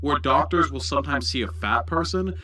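Lively mocking streamer guy, bright voice, swears a lot. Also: medium pitch, brisk, breathy edge. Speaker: streamer commenting on a video. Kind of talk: livestream commentary.

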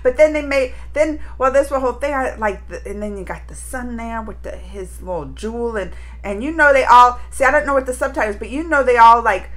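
High-voiced chatty woman vlogger. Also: fairly quick, hardly any pauses, fairly bright tone. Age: adult mother. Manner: rambling, emotional, chatty. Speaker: reaction video host. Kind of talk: casual reaction vlog chat.

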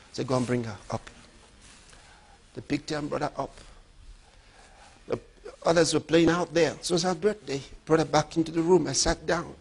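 Preaching emphatically, a middle-aged man delivers a pastor's sermon that alternates between loud bursts and hushed storytelling, in a gravelly, husky voice.

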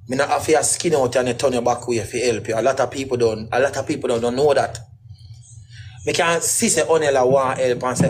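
A man's voice: mid-range voice, fairly even intonation, brisk, a little hiss or hum, low-quality recording. A middle-aged man, guest in a casual interview, talking in rambling, emphatic patois.

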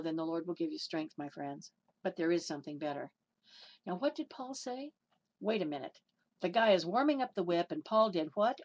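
A woman's voice: medium pitch, a little mellow. A woman preaching a sermon, emphatic, asking her listeners questions and acting out the people in her stories.

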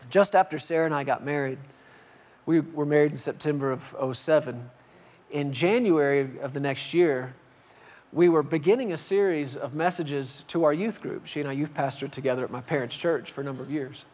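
A man's voice: on the high side, normal speed, a little mellow. A man in his thirties preaching a sermon as pastor of a church, telling stories and acting out phone calls with playful, exaggerated voices. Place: church sanctuary.

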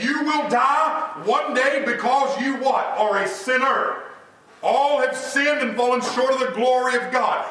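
A man preaching a sermon as pastor, asking rhetorical questions and dropping to a hushed voice for emphasis. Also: very high-pitched. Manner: preaching with rhetorical questions, sudden drops to a hush. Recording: echoey hall, voice from a distance, faint noise.

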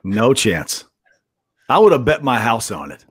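A male pro wrestler telling a story in a loose, swearing, animated way and acting out every quote. His voice sits at a middle pitch. It sounds dry and close to the mic. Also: a little slow, breathy edge, dry recording. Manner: animated, profane, acts out quotes. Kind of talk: casual storytelling interview.

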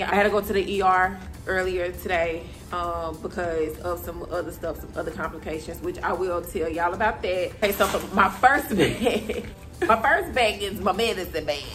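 A young woman vlogging at home, talking candidly and chattily to her viewers in a slangy, casual way. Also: lowish voice. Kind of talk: casual chat to camera. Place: bedroom floor at home.

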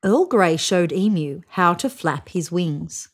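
A woman reading a children's picture book aloud in an expressive storytelling manner. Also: fairly low pitch, takes it slowly, a little hiss or hum. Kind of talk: read-aloud storybook narration.

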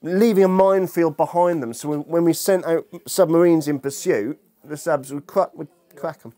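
A man's voice: on the high side, steady tone, normal speed, warm tone. A man lecturing as a historian to an audience, humorous and chatty, bantering with the room. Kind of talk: lecture with jokey asides.

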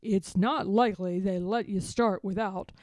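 A woman voicing a brisk male policeman, firm and clipped. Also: mid-range voice, fairly even intonation, darkish tone, dry recording, pitched below the performer's own voice, lightly acted. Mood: stern.

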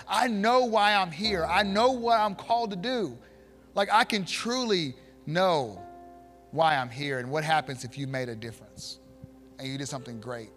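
A male pastor preaching a sermon, animated in his storytelling and swinging from hushed to loud. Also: on the high side.

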